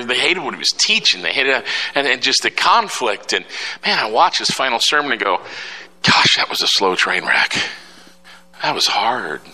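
A man's voice: lowish voice, pushed and bright, poor audio. A middle-aged man preaching an emphatic sermon as pastor, repeating key phrases for effect.

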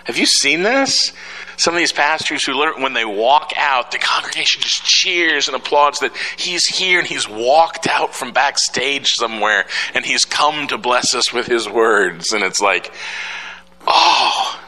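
A man's voice: mid-range voice, expressive, normal speed, bright, forceful tone. A middle-aged man giving a sermon, telling a story in a conversational way with rhetorical questions to the congregation. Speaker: pastor. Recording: long hall reverb.

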